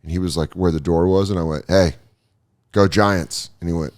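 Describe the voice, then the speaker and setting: A man's voice: sits low, fairly even intonation, rapid-fire, warm tone. A man hosting a podcast in casual chat, a profane storyteller who laughs at his own stories. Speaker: podcast host.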